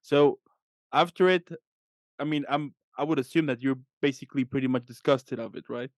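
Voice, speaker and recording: A man's voice: medium pitch, moderate pace, no room sound. Chatty male podcast host, dry sound. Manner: chatty, lots of backchannel agreement, loose rambling sentences. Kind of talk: casual interview chat.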